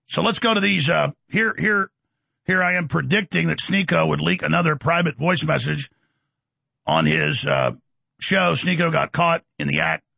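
A man's voice: on the high side, big pitch swings, normal speed, creaky, dry recording. A middle-aged man hosting a talk show, ranting in a combative, blustering way. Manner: combative, blustering, loud bursts. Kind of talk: heated talk show rant.

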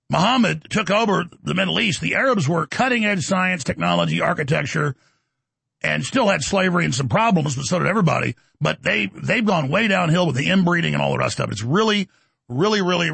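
A man's voice: fairly high pitch, gravelly, slightly rough, no echo. A middle-aged man hosting a talk show, ranting in a combative, blustering way. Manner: combative, blustering, loud bursts. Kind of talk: heated talk show rant.

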